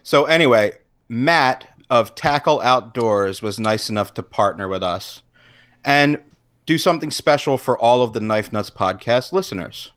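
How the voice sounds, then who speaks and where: A man co-hosting a casual podcast, talking in a relaxed, plain way into a handheld microphone. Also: mid-range voice, a little slow. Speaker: podcast co-host. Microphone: handheld USB microphone.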